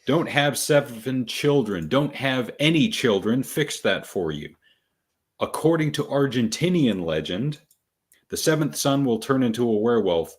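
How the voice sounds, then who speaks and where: Deadpan man reading out superstitions. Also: medium pitch, a little slow. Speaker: podcast co-host. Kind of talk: casual chat reading superstitions.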